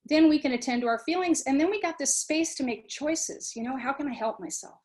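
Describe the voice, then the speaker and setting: Woman talking mindfulness, fairly high voice. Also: fairly quick, a little mellow. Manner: conversational, acts out students' inner voices. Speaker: study abroad program director. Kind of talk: informal talk on mindfulness.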